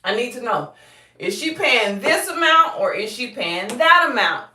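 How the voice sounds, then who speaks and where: A woman's voice: on the high side, very animated, unhurried, sharp tone, reverberant. A woman real estate agent with a Southern accent teaches a live-streamed lesson in a folksy way, quizzing her viewers and calling them y'all.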